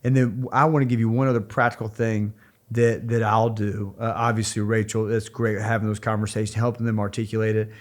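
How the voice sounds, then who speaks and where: A man's voice: fairly low pitch, flat delivery, a little fast. A man in his thirties co-hosting a church podcast, talking earnestly with frequent restarts and fillers. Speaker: podcast co-host. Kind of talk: casual podcast talk.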